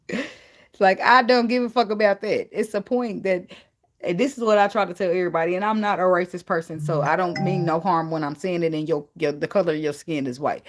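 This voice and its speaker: A woman tarot reader in a casual spiritual vlog, talking bluntly and emphatically, swearing freely and laughing often. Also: fairly low pitch.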